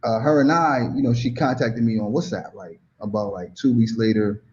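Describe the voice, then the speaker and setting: A man from the United States, a guest telling a story in a casual, animated, slang-heavy way, often saying "you know what I mean.". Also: fairly low pitch, normal speed, dull audio, slight background noise.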